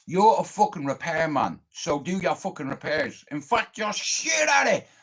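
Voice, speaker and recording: A man's voice: fairly high pitch, sing-song, normal speed, fairly bright tone, slightly rough. An Irish man livestreaming, telling a long, confrontational story full of swearing and boasting. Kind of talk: casual storytelling rant.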